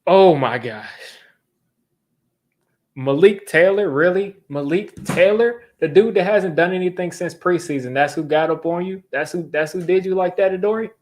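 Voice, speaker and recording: Hosting a sports fan channel, this young man rants in exasperation while reacting live to football, saying the same things over and over as he vents. His voice sits high and sounds a little mellow, and he talks briskly with hardly any pauses.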